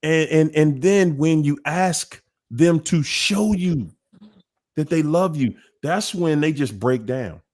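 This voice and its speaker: A man hosting a live Q&A talk, with a slightly raised voice that leaps around in pitch. He talks emphatically, calls out to his listeners, and acts out other people's words in voices. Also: expressive, takes it slowly, darkish tone. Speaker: host.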